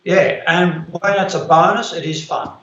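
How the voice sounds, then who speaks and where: A man's voice: a little high, measured pace, a bit bright. A man coaching in a casual call, encouraging and telling jokes and anecdotes. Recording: roomy, dull lo-fi call audio.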